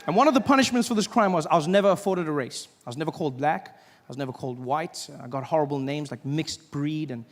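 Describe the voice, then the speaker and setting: Comedian on a stage. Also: male voice, fairly high pitch, fast. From South Africa. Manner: animated storytelling, does voices. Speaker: stand-up comedian. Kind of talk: stand-up comedy set. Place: stage in a large hall. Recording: reverberant hall, faint ambience.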